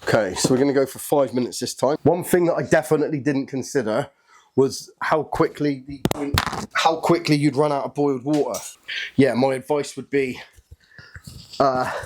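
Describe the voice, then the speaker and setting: A man's voice: fairly high pitch, a little hiss or hum. A man hosting his own video, talking casually and a bit nervously as he narrates a hands-on job step by step. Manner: chatty, nervous and excitable, thinking aloud as he works. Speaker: channel host.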